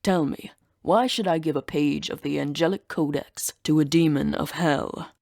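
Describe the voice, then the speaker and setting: A woman voicing an ancient male winged ox-bodied monster guarding a temple, speaking slowly in a growling, solemn manner. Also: low voice, gravelly, a little mellow, no room sound, clean studio sound.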